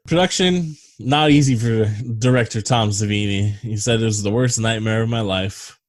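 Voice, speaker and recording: Low-voiced man in loose movie chat. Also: moderate pace, dry recording. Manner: rambling, swears freely, reads trivia aloud. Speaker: podcast co-host. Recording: dry close sound over a video call.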